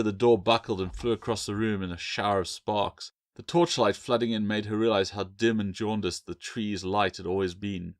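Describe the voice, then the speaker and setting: A man with a low voice reads his own dark fantasy novel in a measured, dramatic way. The sound is close and dry, with no room around it. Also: dry recording. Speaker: author reading own book. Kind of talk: audiobook narration.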